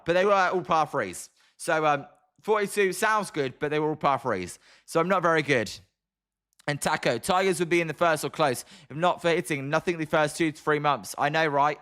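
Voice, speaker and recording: Young British man, fairly high voice, quick and chatty live stream commentator. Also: sharp tone, smooth. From Britain. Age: young adult. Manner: fast-talking, chatty. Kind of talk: live watch-along commentary and chat replies.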